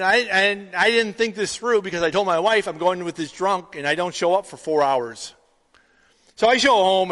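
Animated high-voiced male pastor preaching. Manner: storytelling, animated with acted-out dialogue. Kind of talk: sermon. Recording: long reverb of a hall.

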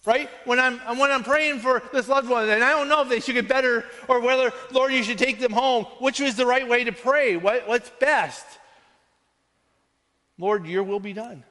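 High-voiced pastor preaching in a reverberant hall. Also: male voice, moderate pace, bright, forceful tone. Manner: earnest, conversational preaching with frequent "right?" asides. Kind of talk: sermon.

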